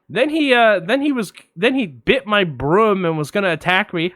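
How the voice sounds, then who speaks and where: A young man co-hosting a podcast, telling a long story in a casual, animated way, swearing freely and acting out the voices of others. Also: high-pitched, moderate pace, dry recording, clean studio sound. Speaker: podcast co-host.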